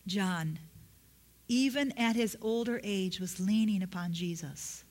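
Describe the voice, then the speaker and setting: A woman preaching a sermon in a storytelling way, correcting herself as she goes and sinking to soft whispers to stress a point. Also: mid-range voice, a little slow. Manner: drops into soft whispers for emphasis; storytelling, with self-corrections and restarts.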